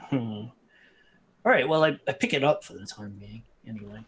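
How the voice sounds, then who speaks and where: A man playing a tabletop game, thinking out loud with hesitant, restarting speech. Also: mid-range voice, normal speed, slight background noise. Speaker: player. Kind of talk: casual in-character game talk.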